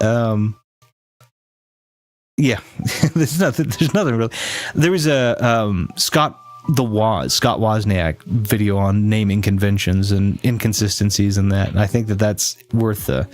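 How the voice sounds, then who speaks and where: A man's voice: lowish voice, normal speed. A man chatting casually on a live stream, rambling with many restarts and fillers, teasing his chat now and then.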